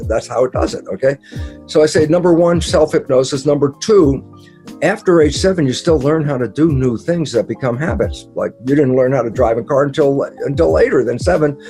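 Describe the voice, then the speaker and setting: Lively older man with a mellow voice. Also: medium pitch. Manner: lively storytelling, acts out quoted dialogue, swears casually. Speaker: guest speaker. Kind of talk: animated interview talk.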